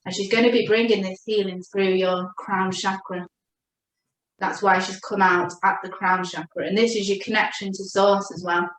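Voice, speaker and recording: A woman giving a gentle, reassuring spiritual chakra reading as a coach. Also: medium pitch, steady tone. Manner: gentle, reassuring, speaks slowly when addressing her guide. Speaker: oracle card reader and coach. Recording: echoey room.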